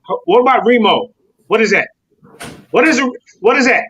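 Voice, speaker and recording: A man argues heatedly in a notably high, bright, forceful voice. He keeps insisting that no one interrupt him. The sound is dull and lo-fi, like call audio. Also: lively intonation, moderate pace, husky. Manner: combative, repeatedly insisting he not be interrupted. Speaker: debater on a call-in panel. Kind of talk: heated argument.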